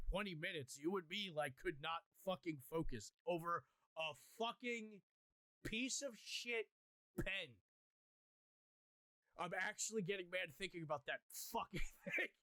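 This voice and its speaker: A man co-hosting a podcast in casual chat, excitable and profane, laughing through his stories. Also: fairly high pitch, dry recording. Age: adult, former program kid now grown. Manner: excitable, swears a lot, laughs while telling stories. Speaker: podcast co-host.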